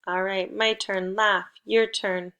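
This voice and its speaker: A woman teaching a recorded phonics lesson for young children. She spells letters out slowly and leads a playful call-and-response. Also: medium pitch, little pitch movement, very noisy.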